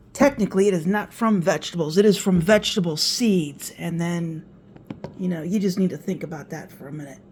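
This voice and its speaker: A woman's voice: medium pitch, darkish tone. Chatty middle-aged woman cooking at home. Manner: chatty, folksy, reminiscing asides. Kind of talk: casual cooking vlog. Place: home kitchen.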